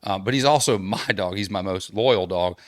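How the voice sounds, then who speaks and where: Male co-host, lowish voice, relaxed and apologetic, recording at home with a dry sound. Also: moderate pace, dry recording. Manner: laid-back, apologetic, easily laughing. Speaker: podcast co-host. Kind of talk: casual podcast chat. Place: front room at home.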